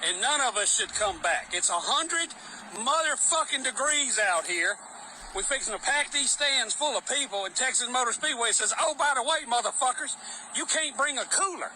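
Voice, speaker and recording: A man ranting loudly and angrily outdoors, swearing as he complains, recorded on a phone video. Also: extremely high pitch, animated, moderate pace, a little hiss or hum, low-quality recording. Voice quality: loud, angry, profane. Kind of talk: angry outdoor rant. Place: outdoors at a racetrack.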